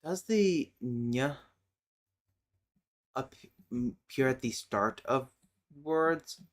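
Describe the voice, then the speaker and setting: A man with an expressive mid-range voice streams while working on a language, chatting casually. He thinks aloud in fragments and speaks extremely slowly.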